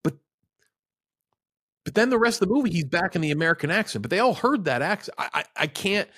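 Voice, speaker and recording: A man co-hosting a casual movie review chat, ranting in an animated, exasperated way. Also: sits high, fast talker, dry recording, clean studio sound. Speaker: podcast co-host.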